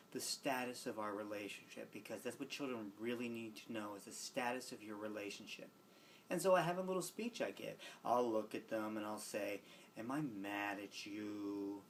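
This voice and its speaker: A young man, a student teacher, earnestly recounting a personal story, dropping softly into gentle quoted lines. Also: medium pitch, slight background noise. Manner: earnest, reflective, with soft quoted asides.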